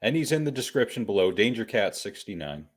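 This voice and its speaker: A man's voice: on the low side, big pitch swings, fairly quick, breathy edge. A man hosting a casual podcast, bantering and chuckling often. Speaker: podcast host. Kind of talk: casual chat.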